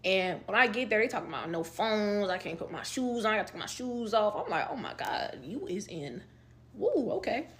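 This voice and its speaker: A young woman in her twenties telling a story to her viewers in casual talk, swearing, laughing and swinging between loud outbursts and quiet asides. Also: mid-range voice, big pitch swings, moderate pace, slight background noise. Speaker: storytime vlogger.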